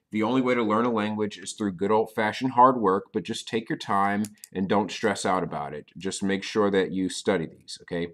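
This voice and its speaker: A man with a somewhat low voice explains a beginner language lesson. He talks patiently, checks in with "okay?" after nearly every point, and sometimes punches a key word out loud and high. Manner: stresses key words with sudden loud, high emphasis. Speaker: Spanish teacher.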